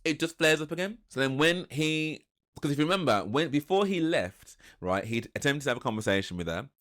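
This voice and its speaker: A man's voice: fairly high pitch, fairly quick. A man, casually rambling through a reaction to a reality TV episode with lots of restarts. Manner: rambling, restarts and animated retelling. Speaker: reaction video host.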